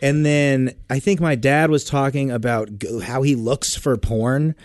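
A man's voice: mid-range voice, fairly even intonation, unhurried, a little mellow, dry recording. A man co-hosting a podcast in casual, joking, rambling chat on a studio mic. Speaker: podcast co-host.

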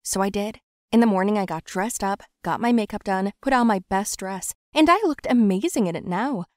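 Young female storyteller, dramatic, confiding first-person narration, mid pitch, dry close mic. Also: normal speed, no room sound. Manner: confiding and dramatic, swings from hushed to loud.

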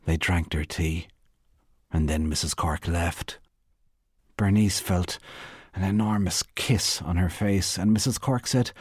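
A man reads a literary short story aloud, measured and even. His voice sits very low with a husky grain, recorded close in a dry space. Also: dry recording. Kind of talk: literary reading.

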